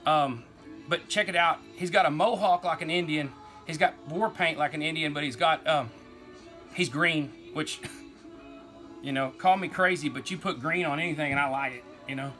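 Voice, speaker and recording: A man's voice: fairly high pitch, normal speed, bright, forceful tone, soft background music. A man with an East Texas accent, hosting a toy collecting vlog in a folksy, rambling way. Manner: rambling, folksy, says y'all, laughs easily. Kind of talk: casual rambling toy talk.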